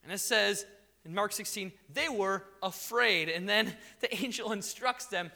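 A male preacher tells his sermon in an animated, chatty storytelling manner. His voice is high for a man and very bright, and it cuts through the room. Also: a little slow. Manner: animated, conversational storytelling with acted quotes. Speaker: pastor.

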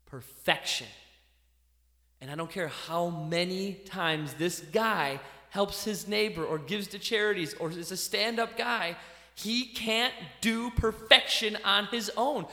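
A man delivers a sermon in a bright, high voice. He is animated, pushing some phrases out loudly and dropping others low and quiet. The sound rings around a large echoey hall. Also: slow. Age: adult parent. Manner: animated, swings between loud emphasis and quiet asides. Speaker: pastor.

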